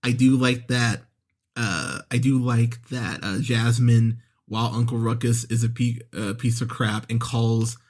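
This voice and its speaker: This podcast host's medium-pitched voice is flat, unhurried, and a little mellow as he casually reviews a movie episode. He corrects himself often, uses plenty of fillers, and performs the characters' lines when recalling scenes.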